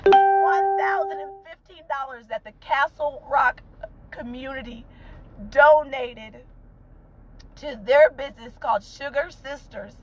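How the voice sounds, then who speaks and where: A high-pitched woman speaks to her viewers from a car while crying. Her talk is fervent and tearful, and she keeps repeating encouraging phrases. She sounds like a mother sharing family news in a casual vlog. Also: unhurried, faint music behind, low-quality recording. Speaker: vlogger, mother of two young entrepreneurs. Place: inside a parked car.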